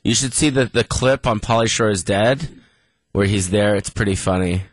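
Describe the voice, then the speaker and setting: A middle-aged comedian guest in a radio studio, talking casually with hesitant ums and restarts. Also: male voice, moderate pace, no room sound. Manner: hesitant, many ums and restarts, low mumbling.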